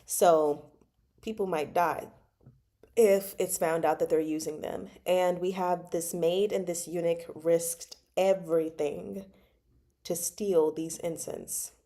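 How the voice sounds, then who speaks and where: Chatty woman with a mellow voice. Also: on the low side, fairly even intonation, slow. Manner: chatty, digressive, laughs often. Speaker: book club host. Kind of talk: casual chat about a novel.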